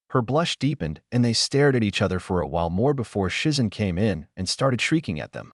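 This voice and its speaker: A man narrating fan fiction in a steady storybook reading. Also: lowish voice, a little fast, hardly any pauses, no room sound, clean studio sound.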